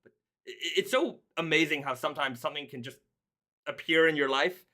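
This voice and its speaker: A man's voice: a little high, a little fast, bright, forceful tone. A man hosting a casual live stream, rambling loosely and reading viewer comments aloud. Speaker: host.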